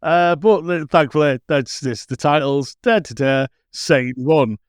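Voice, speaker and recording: A man's voice: on the high side, unhurried, no echo, clean studio sound. A man co-hosting a podcast in casual chat, joking and laughing often. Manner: chatty, laughs often, playful asides. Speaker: podcast co-host.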